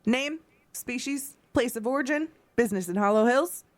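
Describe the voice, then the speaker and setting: A woman's voice: a little high, expressive, moderate pace, pitched above the performer's own voice, natural voice. A woman voicing a wary male town guard in a tabletop game, giving blunt orders. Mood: suspicious.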